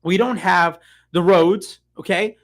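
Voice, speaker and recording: Man, middle-aged, from the bay area, casual live-stream monologue, excitable and rambling, slightly high-pitched. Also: takes it slowly. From San Francisco Bay Area. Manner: rambling and excitable, many fillers and asides. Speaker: real estate agent hosting a live stream.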